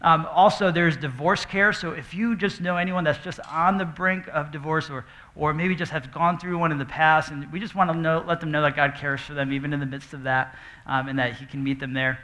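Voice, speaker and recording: A man leading a church service, his voice fairly high and bright with a forceful edge. He talks casually, stumbling through restarts and fillers and cracking small jokes. He sounds nervous as he runs a live Q&A. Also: fairly even intonation. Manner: halting, full of fillers and restarts, joking. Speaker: pastor. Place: church auditorium with audience.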